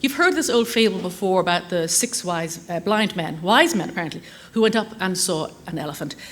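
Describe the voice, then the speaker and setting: A woman's voice: on the low side, animated, a little fast. A middle-aged woman, giving a chatty conference talk full of anecdotes and self-deprecating jokes. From Ireland. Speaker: conference speaker. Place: conference hall.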